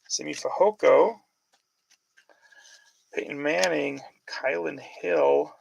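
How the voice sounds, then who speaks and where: A man with a heavily gravelly voice chats loosely while opening packs, naming players and drifting into football gossip. His voice sits a little high for a man, and a faint hiss of background noise runs under it. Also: slow, dull audio. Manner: chatty, rambling sports talk with fillers. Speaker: card break host. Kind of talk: casual live card-break commentary.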